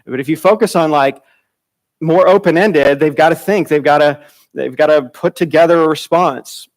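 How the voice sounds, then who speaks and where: Conversational man teaching a church class. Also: moderate pace. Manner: conversational, repeats words, restarts phrases; acts out quoted dialogue with sudden pitch jumps. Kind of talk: Bible class lesson.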